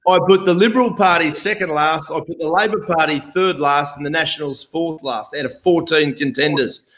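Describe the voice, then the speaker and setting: Blunt high-voiced Australian man. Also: normal speed, fairly bright tone, low-quality recording. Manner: blunt, heavy swearing, mocking impressions. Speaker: host. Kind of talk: casual political chat.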